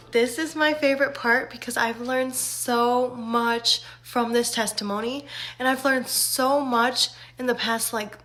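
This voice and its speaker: A young woman tells a faith testimony in a casual, chatty way. Her voice is bright and fairly high. She slips in fillers and acts out quotes. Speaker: faith vlogger.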